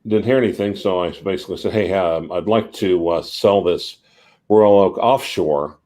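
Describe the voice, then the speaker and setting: A man chatting on a livestream, calmly recounting what he has heard. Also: sits low, moderate pace. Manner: easygoing storyteller, relaxed. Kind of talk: casual livestream chat.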